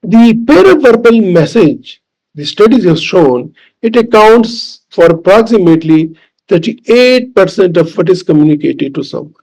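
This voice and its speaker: A man with a Pakistani English accent lecturing as a professor, deliberate and repetitive, with fillers. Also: on the high side, vocal fry, a little mellow, rough recording. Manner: slow, deliberate, repeats key points with fillers. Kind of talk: recorded lecture.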